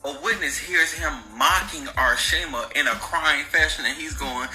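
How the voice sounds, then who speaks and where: A man's voice: a little high, a little fast, hardly any pauses, music in the background, low-quality recording. A man casually recounting a true crime story to his viewers, slangy and sarcastic in his asides.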